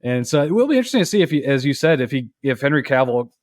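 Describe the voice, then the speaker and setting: A man co-hosting a podcast in casual chat, earnest and hesitant, with frequent pauses to find his words. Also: mid-range voice, very animated, no echo, studio quality. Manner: hesitant, many ums and uhs, earnest. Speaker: podcast co-host.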